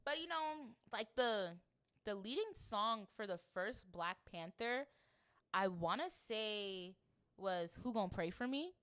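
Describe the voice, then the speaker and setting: A woman hosts a podcast in casual chat, rambling animatedly and using lots of fillers. Her voice is mid-range and her pace is slow.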